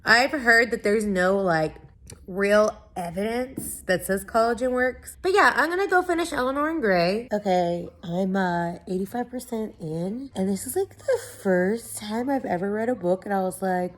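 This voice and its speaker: Chatty bright-voiced young woman vlogging. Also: mid-range voice, normal speed. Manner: chatty, gushing, lots of fillers. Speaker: book vlogger. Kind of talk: casual vlog chat.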